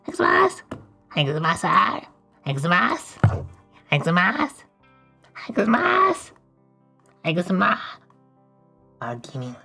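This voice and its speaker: Playful woman streamer, very deep voice, slow unhurried chat while drawing, desk mic. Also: sharp tone, breathy edge. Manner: playful and goofy, breaks into laughs and silly voices.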